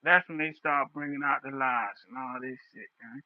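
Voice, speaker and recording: A man's voice: mid-range voice, moderate pace, phone-quality sound. A young man talking straight into a livestream in a raw, impassioned, repetitive monologue. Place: livestream setup.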